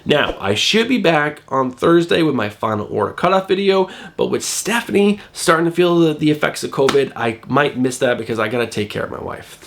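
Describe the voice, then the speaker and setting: A man's voice: mid-range voice, a little hiss or hum. A middle-aged man hosting a comic book channel, sounding nasal from a cold, chatting in a rambling way with lots of fillers. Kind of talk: casual video review.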